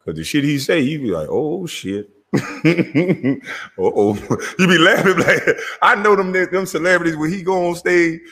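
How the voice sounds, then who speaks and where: A show host with a husky Southern twang speaks in an unhurried, expressive voice that sits a little high. Still, he rants loudly and animatedly on his own show, cursing freely and laughing, his voice ringing with long reverb.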